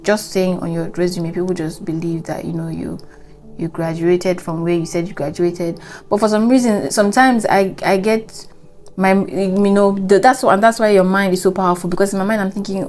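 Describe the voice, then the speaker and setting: A woman's voice: on the low side, fairly even intonation, moderate pace, darkish tone, soft background music. A young woman with a Nigerian accent giving a rambling, earnest life update, full of "you know" fillers. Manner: earnest and reflective, speaking of faith. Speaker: vlogger. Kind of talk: casual life update monologue.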